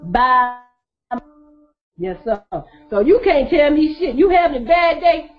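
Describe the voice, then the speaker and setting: A woman's voice: high-pitched, very animated, unhurried, faint music behind. A woman telling her story casually to her viewers, blunt and profane, laughing often. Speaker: vlogger. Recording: dull lo-fi recording.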